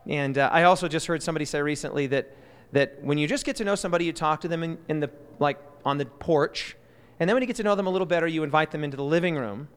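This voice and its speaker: A man with a notably high voice leads a church Bible lesson, lively and quick to toss questions at the group. His voice rings out with a long reverb, as if filling a large hall. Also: clean tone. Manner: lively, quizzes the audience. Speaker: Bible study teacher.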